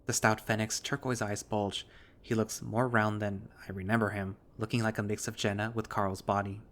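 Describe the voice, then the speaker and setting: A man narrates a visual novel in the first person. He tells it in a steady storytelling manner, and his voice sits on the low side. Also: moderate pace.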